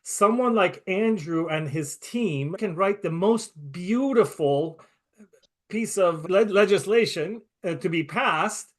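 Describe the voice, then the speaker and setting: A man's voice: sits high, lively intonation, slow. A male interview host who talks in an emphatic, indignant way and speeds up in bursts. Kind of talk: conversational interview.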